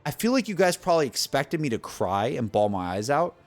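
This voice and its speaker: A young man chatting casually with his stream viewers, animated and excitable, with lots of restarts and fillers. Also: medium pitch, fairly quick, faint music behind.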